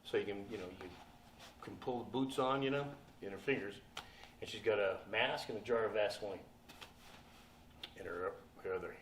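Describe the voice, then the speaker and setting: A man in his sixties, a guest on a convention panel, tells the audience a profane anecdote, laughing and acting out the people in it. His voice is lowish and fairly quick, with frequent pauses. He's recorded from a distance in an echoey room with background noise.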